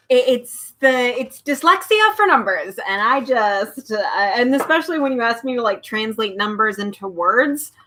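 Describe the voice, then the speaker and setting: A woman reads a children's novel aloud and breaks off for chatty asides to her viewers. Her voice is lively and sits a little high, with wide swings in pitch. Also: a little hiss or hum. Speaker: storybook reader.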